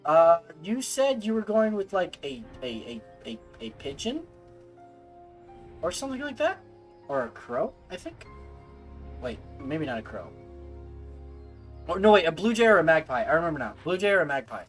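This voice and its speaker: A woman's voice: low voice, sing-song, moderate pace, long pauses, soft background music, poor audio. A woman streaming a video game, chatting casually and playfully with viewers in a self-mocking way.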